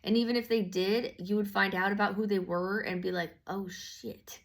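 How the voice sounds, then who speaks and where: A woman talks through a casual tarot reading in a gravelly voice. She rambles, restarts her sentences and swears freely, full of slang and fillers. Her pitch sits in an ordinary middle range. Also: fairly even intonation, a little fast. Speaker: tarot reader.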